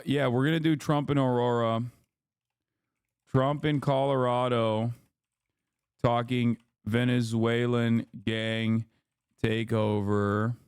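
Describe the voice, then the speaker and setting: A man rambles and rants through his livestream commentary, swearing freely. His voice is smooth and clear. It is recorded close and dry, with no room sound. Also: medium pitch, no room sound. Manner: profane, ranting, animated rambling. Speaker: streamer host.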